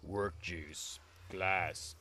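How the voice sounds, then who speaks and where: A man's voice: sits low, fairly even intonation, extremely slow, pushed and bright, a little hiss or hum. A man hosting a casual game video, rambling and joking to himself as he builds. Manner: jokey, rambling, talks to himself while building. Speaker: Let's Play host. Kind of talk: casual gameplay commentary. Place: at home.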